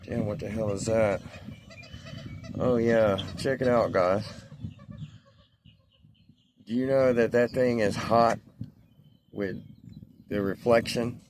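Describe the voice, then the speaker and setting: A man's voice: lowish voice, steady tone, slow pace, long pauses, a little mellow. Rambling man vlogging outdoors. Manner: rambling, chatty, talks to birds and viewers. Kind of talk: casual outdoor vlog talking to camera. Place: outdoors by a pond or lake. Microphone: phone. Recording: outdoor phone recording with background noise.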